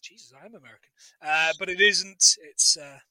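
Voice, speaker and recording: A man's voice: sits high, fairly even intonation, fairly quick, sharp tone, rough recording. A man co-hosting a casual film recap, rambling and joking and acting out lines from the movie. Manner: rambling, jokey, acts out quotes. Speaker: podcast co-host.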